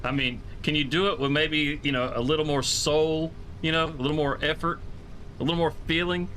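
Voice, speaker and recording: A man streaming a farming game, chatting casually and excitably, rambling with swears and laughs. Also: on the high side, a little fast, slight background noise.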